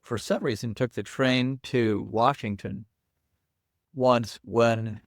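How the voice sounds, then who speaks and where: An older man, a podcast guest, telling lively anecdotes in a casual interview. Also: medium pitch, slow pace, no echo, clean studio sound.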